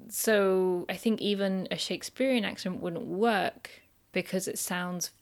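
A woman's voice: mid-range voice, fairly even intonation, unhurried. A woman co-hosting a podcast, chatting casually and enthusiastically. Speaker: podcast co-host. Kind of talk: casual discussion.

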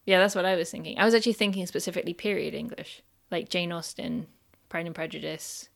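Low-voiced woman with a gravelly edge. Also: fairly even intonation, fast. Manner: chatty and enthusiastic. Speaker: podcast co-host. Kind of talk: casual discussion.

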